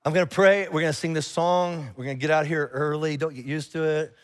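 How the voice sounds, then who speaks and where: Animated male pastor preaching. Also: on the high side, a little fast. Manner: conversational, animated, acts out dialogue. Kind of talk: sermon. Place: church auditorium.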